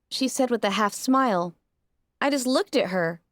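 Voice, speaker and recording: A woman's voice: a little high, animated, normal speed, no echo. A woman reading a first-person fan fiction audiobook with an emotional, impassioned delivery, recorded on a close mic. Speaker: audiobook narrator.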